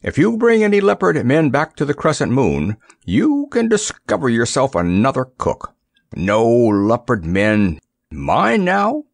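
A man voicing a timid, fussy little king in a storybook, nervous and quick to giggle. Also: mid-range voice, wildly swooping pitch, gravelly, no room sound, clean studio sound, voice pushed up, full character voice. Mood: commanding.

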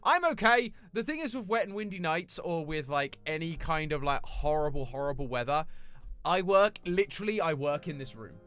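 A man's voice: a little high, animated, brisk, smooth. A young British man chatting casually with his live chat as a streamer, rambling and friendly in a small home room. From Britain.

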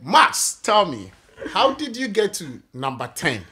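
A male podcast host with a high, lively voice that jumps around a lot. He has a husky edge and reacts excitably. Loud laughs break into his questions. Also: a little slow. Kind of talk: casual interview chat.

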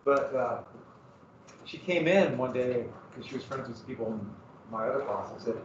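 A man's voice: medium pitch, normal speed, noisy background. A male teacher chatting casually and rambling to his class in a classroom. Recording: echoey room, far from mic, muffled.

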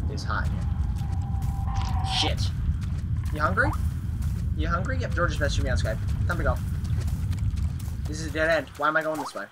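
A young man commentating as he plays a horror game, excitable, with sudden yelps and shouts. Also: a little high, normal speed, long pauses, very noisy. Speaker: gaming video host. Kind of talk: let's play commentary.

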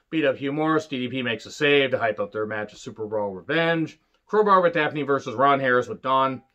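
A man's voice: mid-range voice, a bit bright, highs cut off. Blunt, profane man reviewing wrestling. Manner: blunt and profane, with quick mocking impressions. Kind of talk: casual solo review monologue.

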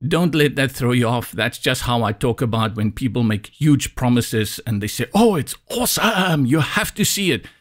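A man from South Africa whose first language is Afrikaans, walking through a software tutorial step by step with a dry, slightly sarcastic manner. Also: medium pitch. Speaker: tutorial instructor. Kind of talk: screen-recorded software tutorial.

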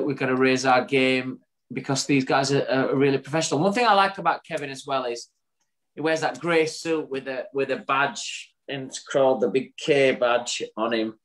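A man's voice: mid-range voice, fairly bright tone. A man, co-hosting a podcast in casual chat and wrapping up the episode with an upbeat summary. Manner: chatty, upbeat, wraps up with a summary. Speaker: podcast co-host.

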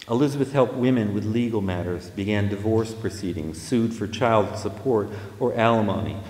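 Low-voiced man reading fiction in an echoey hall. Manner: measured, steady reading with small restarts. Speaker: author and writing teacher. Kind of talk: reading his fiction aloud.

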